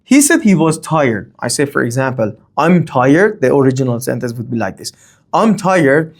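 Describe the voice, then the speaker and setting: A man teaching a grammar lesson, speaking, often pausing on okay and uh and reading example sentences with a lifted tone. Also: medium pitch, big pitch swings. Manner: explains slowly with many fillers and okays. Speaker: language teacher.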